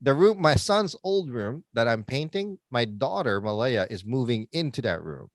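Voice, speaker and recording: A man's voice: medium pitch, very animated, moderate pace, dry recording, studio quality. A man co-hosting a casual podcast chat, rambling and joking with frequent laughs. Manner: rambling, jokey, laughs often. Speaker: podcast co-host.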